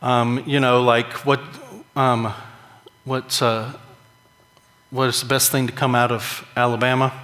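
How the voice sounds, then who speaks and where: A man's voice: mid-range voice, little pitch movement, a little slow, pauses often, a bit bright. Man preaching in a reverberant hall. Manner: conversational, jokey, emphatic rises. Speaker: pastor. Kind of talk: sermon.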